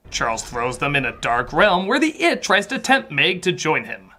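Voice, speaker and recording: A woman reviewing a film as comedic narration, sarcastic, with sudden shouted outbursts. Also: sits low, big pitch swings, moderate pace, faint music behind.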